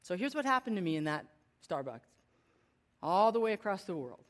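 A woman in her forties telling a self-deprecating personal story to an audience, shifting between lively and hushed. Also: medium pitch, a little fast, long pauses. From United States. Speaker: speaker addressing an audience.

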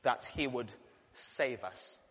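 A man, a pastor, delivering a sermon with earnest emphasis that swells to loud peaks. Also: mid-range voice, slow pace, slightly rough. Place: church. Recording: long church reverb.

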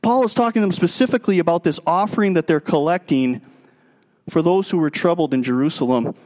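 A man preaching a sermon as pastor, emphatic, moving between raised passages and quiet, drawn-out stretches. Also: on the high side. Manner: emphatic, swinging between raised and hushed delivery.

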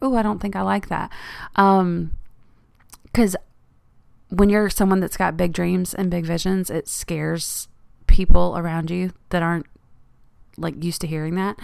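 Her voice sits on the low side and sounds creaky, captured with studio quality and no room sound. This podcast host rambles through a laid-back solo monologue, chatting freely and frequently laughing.

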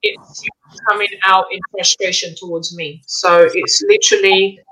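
A middle-aged woman, a mother, talking casually about her daughter in a lively storytelling way. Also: medium pitch, normal speed, husky, low-quality recording. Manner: lively, acts out quoted dialogue. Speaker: mother and parenting guest.

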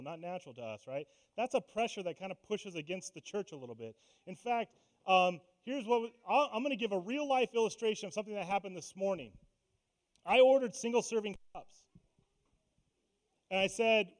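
Pastor type, male, higher-pitched voice, casual preaching style with wry asides to the congregation. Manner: conversational preaching with self-deprecating asides. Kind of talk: sermon. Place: church sanctuary.

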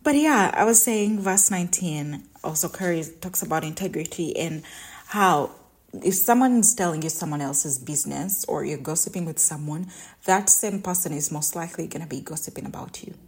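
A shy, soft-spoken woman hosting a devotional Bible-reading podcast, emotional and often laughing as she talks, recording while on vacation. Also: low voice, animated, moderate pace. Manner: shy, introverted. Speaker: podcast host. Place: vacation lodging.

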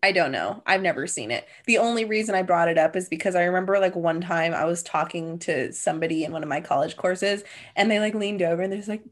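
A woman's voice: on the low side, fast, hardly any pauses. A young adult woman co-hosting a podcast, telling stories in casual chat and saying "like" a lot. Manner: chatty storyteller, heavy use of "like". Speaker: podcast co-host.

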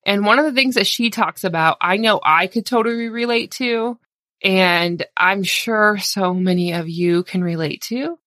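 A woman's voice: on the low side, a bit bright, no echo, studio quality. A woman in her thirties hosting a solo podcast, talking candidly and encouragingly in a casual conversational way with lots of "like"s. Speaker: podcast host.

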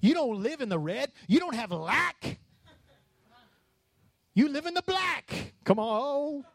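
A high-pitched man preaching with fiery passion, his voice climbing into shouts at the peaks. The sound is close and dry, with no room echo. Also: big pitch swings, slow. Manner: passionate, rising to shouts on key lines. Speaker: pastor. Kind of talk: sermon.

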